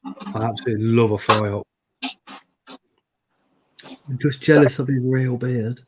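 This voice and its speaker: A man's voice: mid-range voice, steady tone, unhurried, darkish tone, breathy edge. A middle-aged man hosting a casual live stream, chatting and reading out viewer comments. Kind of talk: casual chat.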